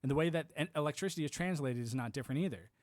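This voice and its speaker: A man's voice: on the high side, racing, no room sound, clean studio sound. A man in his thirties from the United States, hosting a livestream in a casual, rambling monologue, often acting out quoted voices. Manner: animated, acts out quoted voices, filler-heavy. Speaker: livestream host.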